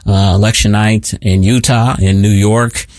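A man co-hosting a political talk radio show, explaining his points at a measured pace with many fillers. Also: fairly low pitch, flat delivery, a little mellow, no echo. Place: radio studio. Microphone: studio microphone.

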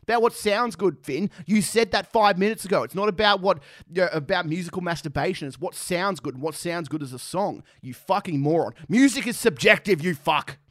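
A man's voice: high-pitched, a little fast, a bit bright, dry recording, studio quality. A man giving profane, sarcastic reaction commentary. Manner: sarcastic, mocking, swears a lot.

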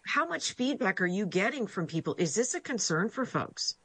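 A woman's voice: mid-range voice, big pitch swings, normal speed, fairly bright tone, breathy edge, no room sound. A woman hosting a remote news interview, asking pointed questions in a sympathetic way. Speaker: interview host.

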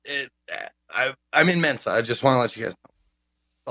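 A man's voice: medium pitch, animated, normal speed, sharp tone. A man co-hosting a casual chat show, rambling with lots of restarts and fillers as he tells stories. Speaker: co-host.

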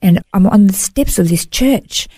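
Earnest woman, warm dry voice. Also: medium pitch, animated, dry recording. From Australia. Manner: earnest, emotional, halting with restarts. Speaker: interview guest. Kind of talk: personal testimony in a podcast interview.

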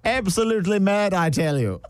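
A man voicing an impression of a nervous, posh older royal in a plummy, drawn-out upper-class voice. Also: sits high, animated, voice pushed up. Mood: nervous, stuffy.

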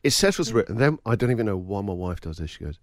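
Lively animated male radio host. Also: on the low side, rapid-fire, no echo, studio quality. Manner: animated, laughing storyteller acting out quotes. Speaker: radio breakfast show host. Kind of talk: casual storytelling chat.

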